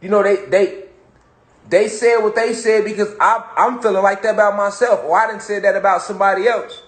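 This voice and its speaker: A man's voice: sits high, fairly even intonation, a little fast. A man giving a casual motivational monologue on spirituality, talking in street slang and repeating phrases for emphasis. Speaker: spiritual talk host. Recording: echoey room.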